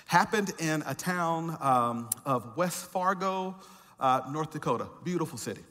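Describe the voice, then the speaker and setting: A man's voice: on the high side, expressive, unhurried, a bit bright. A male pastor giving a sermon with conversational, humorous storytelling and frequent fillers. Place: church. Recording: church hall with long reverb.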